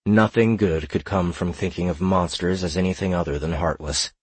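A man narrating an audiobook in a steady, measured reading. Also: sits low, husky, no room sound.

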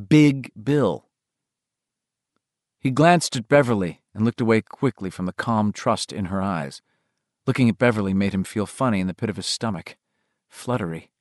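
A man narrating a novel in a measured, expressive reading. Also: lowish voice, dry recording, clean studio sound. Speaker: audiobook narrator.

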